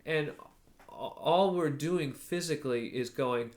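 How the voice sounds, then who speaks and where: Speaking slowly and fairly high, this man is a voice teacher congested from allergies. He talks through technique, stopping now and then to demonstrate vocal sounds in song.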